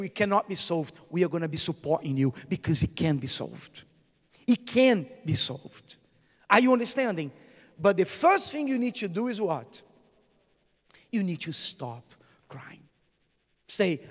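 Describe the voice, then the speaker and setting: Male preacher, very high and lively pitch, call-and-response sermon in a long-reverb church hall. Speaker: bishop.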